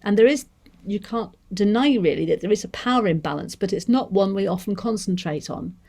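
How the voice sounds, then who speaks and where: A woman with a Manchester accent giving a seminar talk on deaf education, measured and thoughtful, pausing to rephrase. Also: mid-range voice, expressive, warm tone. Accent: English, Manchester. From Manchester, England. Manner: measured, thoughtful, with restarts and hedges.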